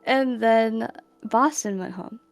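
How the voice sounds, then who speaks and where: A woman's voice: fairly high pitch, slow, gravelly, soft background music. A woman giving a casual contestant confessional in a chatty, dramatic storytelling manner.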